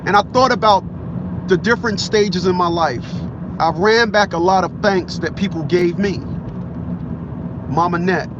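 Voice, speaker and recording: A man in his fifties tells a long story from a car, rambling and circling back on his words. His voice sits a bit high. The sound is dull and muffled, with loud traffic noise. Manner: rambling, repeats himself, acts out quotes. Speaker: vlogger. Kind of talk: casual storytelling monologue.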